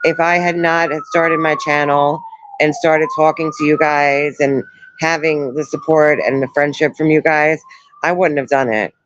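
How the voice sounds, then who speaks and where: A woman in her thirties chatting on a live stream from home, sore after surgery, soft and emotional as she thanks her viewers. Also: sits low, steady tone, moderate pace, slight background noise. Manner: soft, emotional, greets chat viewers warmly. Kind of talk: casual live stream chat. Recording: dull lo-fi stream audio.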